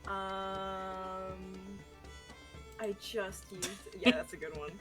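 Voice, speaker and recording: A woman's voice: medium pitch, fairly even intonation, very slow, over music. A woman playing in a tabletop game, giggly and trailing off as she talks. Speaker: player. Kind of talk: casual chat during a tabletop game.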